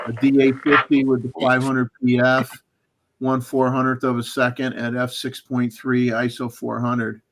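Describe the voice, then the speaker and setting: A man's voice: mid-range voice, moderate pace, a little hiss or hum. A man hosting a photography livestream, chatting casually and reading out viewer photo details. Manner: relaxed, chatty, reads out camera settings. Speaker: livestream host. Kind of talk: casual chat.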